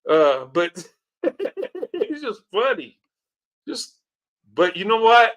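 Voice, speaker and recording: A man's voice: high voice, sing-song, drawn-out words, a bit bright. A man hosting a reaction video, commenting on clips in an earnest, heartfelt way, often laughing and repeating himself. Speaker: channel host reacting to clips.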